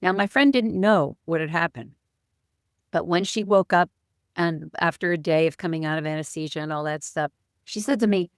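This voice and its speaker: A woman, a spiritual teacher and guest, telling a personal story in an interview with vivid, playful sound words and the odd cleared throat. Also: on the low side, moderate pace, no echo, studio quality. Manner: clears throat now and then.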